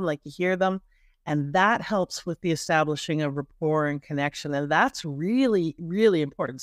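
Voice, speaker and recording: A woman's voice: lowish voice, no room sound, studio quality. A middle-aged Canadian woman with a Canadian accent, talking emphatically as a marketing coach in a podcast interview, with restarts and repetitions.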